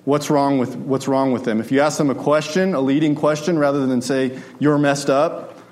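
A man's voice: medium pitch, fairly quick, darkish tone. A man preaching a sermon in a conversational way, often asking his listeners rhetorical questions.

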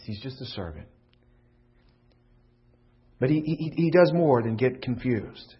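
A middle-aged man preaching a sermon as a pastor, moving from loud pleading questions to hushed, confiding tones. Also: mid-range voice, lively intonation, slow, pauses often. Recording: dull lo-fi recording.

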